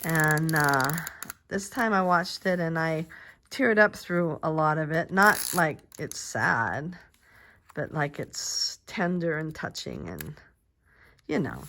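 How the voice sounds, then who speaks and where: An older woman with a low, very animated voice speaks slowly over slight background noise while crafting in a quiet home craft space. As a crafting vlogger, she chats in a meandering way full of fillers and restarts, soft-spoken and dropping to murmurs as she works.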